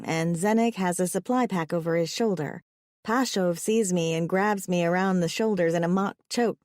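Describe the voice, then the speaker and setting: A woman narrating a first-person romance audiobook in an even storytelling manner. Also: medium pitch, no room sound, clean studio sound.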